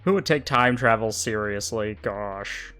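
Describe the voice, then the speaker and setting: A man's voice: on the low side, unhurried, sharp tone, clear, resonant tone. A man streaming a game live, chatting casually and reading the on-screen text aloud with frequent laughs.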